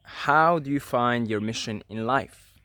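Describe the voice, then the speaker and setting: A man's voice: medium pitch, measured pace, sharp tone. A man hosting a spiritual teaching video, talking earnestly to camera and repeating points for emphasis. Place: apartment at night.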